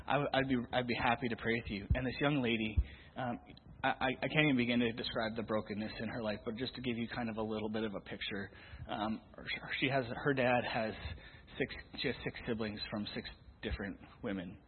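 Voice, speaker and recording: A middle-aged man, a youth leader, telling a testimony in church, animated and acting out quotes with many restarts. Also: medium pitch, fairly quick, a little hiss or hum. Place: church hall. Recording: tinny, echoey hall recording.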